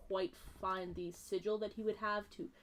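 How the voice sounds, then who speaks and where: A woman's voice: mid-range voice, little pitch movement, moderate pace, a little hiss or hum. A woman game master describing a scene in a tabletop game, filling her narration with um and like. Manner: descriptive, many fillers like um and like.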